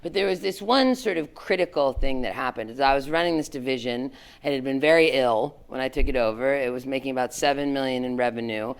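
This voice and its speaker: A middle-aged woman, a former tech executive, telling a story to students in a frank, animated way, full of "like" and "right?". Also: extremely low pitch, quick pace, clear, resonant tone. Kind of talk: candid storytelling talk to students.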